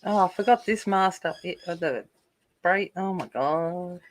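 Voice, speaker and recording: A woman's voice: fairly low pitch, measured pace, slight background noise. An Australian woman hosting a coloring live stream, chatting casually and rambling while answering viewer comments. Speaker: coloring channel host.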